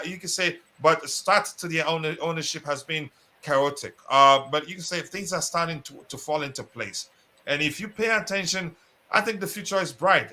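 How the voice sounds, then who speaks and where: A man hosts a casual live football stream, his voice bright and fairly high. He rambles along with frequent fillers and restarts, keeping a relaxed, chatty flow. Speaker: host.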